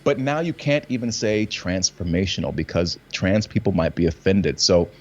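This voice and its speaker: Low-pitched and at a moderate pace, this actor's voice has its highs cut off. As a guest in a relaxed chat, he tells stories with animation, performing lines in varied readings.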